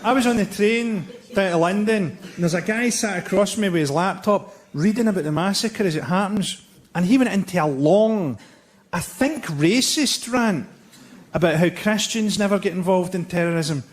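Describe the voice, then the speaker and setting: A man performing a stand-up routine with a deadpan, biting delivery. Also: high voice, moderate pace. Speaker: stand-up comedian. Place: theatre stage with audience. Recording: live show with loud audience laughter.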